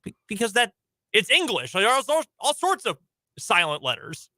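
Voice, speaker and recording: Bright, lively Upper Midwest radio man. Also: sits high, no room sound. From Chicago area. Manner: chatty, rambling, quick to laugh. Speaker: sports radio co-host. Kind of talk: casual sports talk chat. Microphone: studio microphone.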